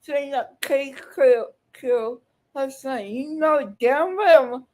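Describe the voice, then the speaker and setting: A woman's voice: sits high, slow pace, a little mellow. A woman giving angry, profane reaction commentary, scolding the people in a video.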